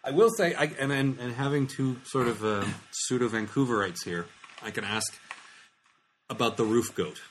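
A man's voice: medium pitch, normal speed, a little hiss or hum. A man co-hosting a casual podcast, reading listener questions with wry, laughing asides. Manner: laughs often, wry, hesitant restarts. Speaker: podcast co-host. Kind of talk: casual chat.

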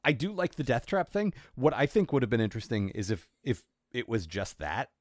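A man's voice: mid-range voice, big pitch swings, a little fast, no echo, clean studio sound. A man co-hosting a podcast in casual chat, rambling and wry, full of fillers and restarts. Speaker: podcast co-host.

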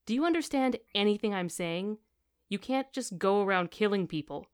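A woman reading aloud the lines of a glib, quick-tongued male con man who protests and argues. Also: mid-range voice, lively intonation, clean tone, voice pushed up, close to an everyday voice. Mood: indignant.

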